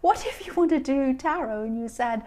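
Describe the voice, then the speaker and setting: A woman with a slightly high voice gives a casual tarot reading straight to the viewer. She rambles and circles back, full of ums and restarts, but keeps a gently reassuring tone. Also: lively intonation, normal speed. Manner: chatty, rambling, with frequent fillers and restarts. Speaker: tarot reader.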